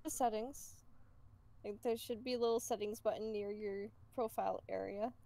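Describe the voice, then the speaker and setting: A woman's voice: mid-range voice, fairly even intonation, normal speed, vocal fry, mellow, no room sound. A woman chatting casually over a voice call, loose and rambling with lots of filler. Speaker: friend on voice call. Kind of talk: casual chat.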